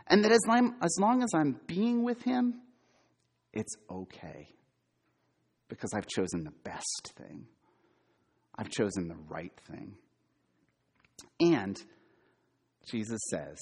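A middle-aged man preaching a sermon, quizzing his listeners and repeating key words for emphasis, sometimes loud and sometimes hushed. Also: mid-range voice, big pitch swings, takes it slowly, long pauses, breathy edge. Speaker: preacher, former campus minister.

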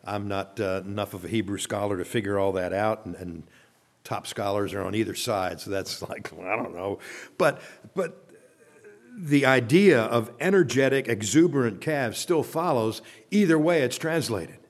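Earnest male pastor preaching. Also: moderate pace. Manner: earnest, leads the congregation in recitation, drops to a soft low voice at phrase ends. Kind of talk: sermon.

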